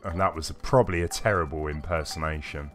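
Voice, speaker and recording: A man's voice: rumbling low, quick pace. A man chatting casually on a live game stream, answering viewers in a rambling way with frequent hesitations. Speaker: gaming streamer. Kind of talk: casual live-stream commentary reading chat. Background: faint game music.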